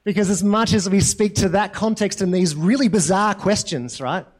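A pastor with a fairly high, slightly mellow voice preaches in a relaxed, conversational way, as if chatting rather than giving a formal address. He frequently asks the congregation questions and ends points with a quick "right?".

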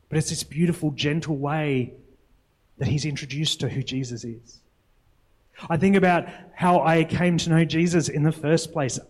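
A man's voice: fairly high pitch, a little mellow, low-quality recording. Earnest man preaching a sermon. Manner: earnest, reflective, with rhetorical questions.

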